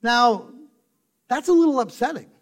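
A man delivers a sermon as a pastor, expressive and emphatic, at a normal speed. He fires off rhetorical questions, sinking into soft, low asides before climbing to loud, stressed points.

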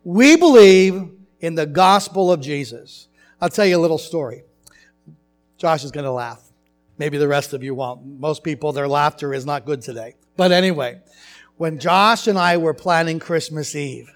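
A male pastor preaching a sermon in his church, telling stories in a conversational way with animated asides. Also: sits high. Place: church sanctuary.

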